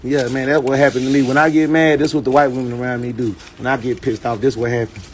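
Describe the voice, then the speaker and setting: A man's voice: medium pitch, little pitch movement, fast, a little hiss or hum. A man ranting and boasting in a brash, profane way on a phone livestream. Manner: brash, swaggering, preachy.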